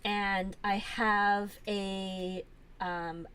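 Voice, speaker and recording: A woman's voice: mid-range voice, level tone, extremely slow, fairly bright tone, smooth. A woman hosting a casual live stream, chatty and gushing, with lots of fillers as she shows things off.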